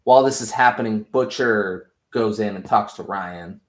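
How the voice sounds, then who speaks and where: Man, casual rambling recap, profane, jokey, lowish voice, echoey room. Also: moderate pace. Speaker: podcast host. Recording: roomy echo.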